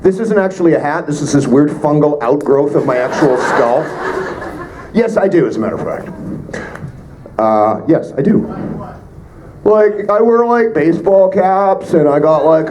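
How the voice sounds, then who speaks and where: A Canadian voice actor answering fan questions at a convention panel, joking with quick asides. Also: male voice, on the high side, big pitch swings. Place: convention panel room with audience. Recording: live room with crowd noise.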